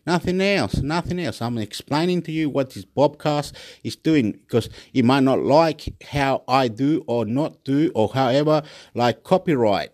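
Man, middle-pitched voice, rambling repetitive monologue, phone recording. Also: a little slow, a little mellow, no echo. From Australia. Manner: rambling and repetitive, loops phrases. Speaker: channel host. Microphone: phone recording app.

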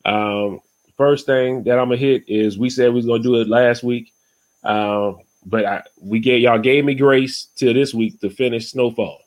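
A male podcast host talking in a loose, rambling, casual way, often tagging on "you know what I'm saying". His voice sits at an ordinary middle pitch and rises when he gets heated in a rant. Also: steady tone, moderate pace, darkish tone.

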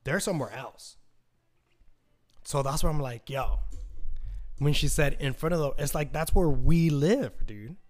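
A man's voice: on the high side, unhurried, long pauses, a little mellow. Profane, rambling young man hosting a podcast. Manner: profane, rambling, acts out quotes in raised voices. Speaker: podcast host. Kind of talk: casual solo podcast storytelling.

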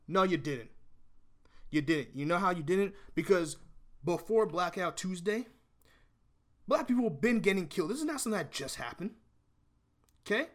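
A man with a slightly high voice delivers a heated opinion rant straight to camera. He speaks bluntly, swears freely, and keeps restarting and repeating his phrases as he drives each point home. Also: animated, moderate pace, pauses often. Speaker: vlogger.

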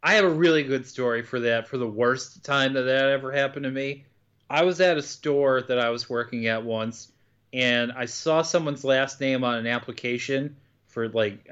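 A man's voice: medium pitch, fairly bright tone, smooth. A man from the United States recapping a movie in casual podcast chat, dry and wry, swearing freely. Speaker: podcast co-host. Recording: dull lo-fi podcast audio.

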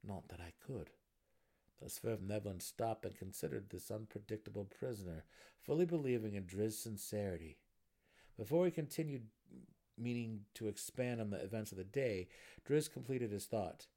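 A man narrating a fantasy novel as an expressive dramatic reading. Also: on the low side, normal speed.

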